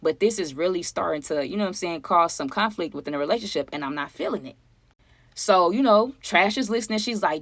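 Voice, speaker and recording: A woman chatting casually to her viewers as she tells a personal story, animated and conversational, often asking them for their opinions. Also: lowish voice, brisk, no room sound. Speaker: storytime vlogger.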